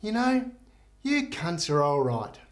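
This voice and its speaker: Man doing a measured elderly pope. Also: sits high, very animated, exaggerated voice. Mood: relaxed. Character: calm elderly male pope.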